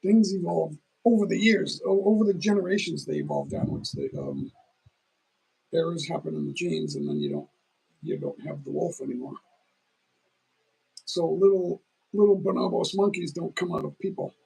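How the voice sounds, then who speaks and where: A man's voice: on the high side, animated, moderate pace, gravelly, long pauses, warm tone, breathy edge, poor audio. A middle-aged man hosting a phone livestream, chatting in a meandering way, eating as he talks, sounding tired. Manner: meandering, talks while eating, restarts often. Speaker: livestream host. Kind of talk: rambling casual livestream chat.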